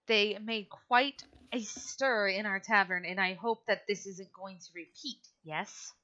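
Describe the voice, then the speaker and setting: A woman's voice: mid-range voice, measured pace, bright, forceful tone. A woman voicing a curt woman who runs a family tavern, speaking in a businesslike way. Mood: stern. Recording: dull lo-fi audio.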